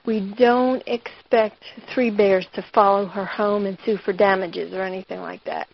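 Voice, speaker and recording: A woman's voice: a little high, muffled recording, slight background noise. A woman teaching a writing lesson, asking her students questions and retelling a fairy tale to show them craft. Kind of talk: lecture on fiction writing.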